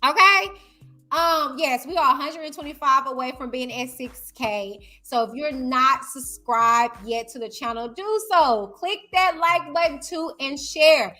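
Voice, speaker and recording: A woman hosts her own commentary vlog, speaking to viewers in a loud, high-energy way. Her voice sits high and rings bright and forceful. She keeps it chatty, pulling her audience in. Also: measured pace, soft background music. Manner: chatty, addresses viewers directly. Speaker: YouTuber host.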